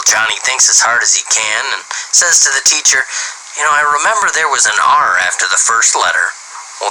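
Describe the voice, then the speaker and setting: A man reading dirty jokes aloud as an animated storyteller who starts many lines with "well". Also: mid-range voice, a little hiss or hum, rough recording.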